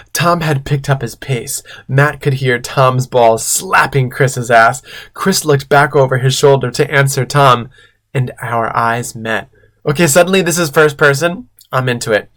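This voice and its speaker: A man, a drag queen host, reading fan fiction aloud and breaking off for sarcastic, deadpan commentary. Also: medium pitch. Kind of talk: comedic read-aloud with commentary.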